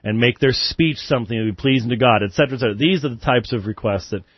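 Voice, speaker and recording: A man's voice: mid-range voice, very fast, no room sound. Chuckling male call-in host, dry and muffled. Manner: chatty, chuckling, loose asides. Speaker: radio show host. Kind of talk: live call-in show, answering Bible questions.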